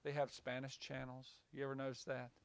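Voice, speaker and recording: A man's voice: medium pitch, monotone, brisk, clean tone. A man preaching to a small group in a room, rambling and repeating words, then rising to emphatic points. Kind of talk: small-group Bible teaching. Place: small room with a few listeners.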